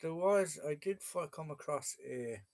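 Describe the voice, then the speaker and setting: A man's voice: a little high, expressive, measured pace, a little mellow. A man with an Irish accent, hosting a casual live chat, reading viewer comments and joking with frequent fillers. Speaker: livestream host.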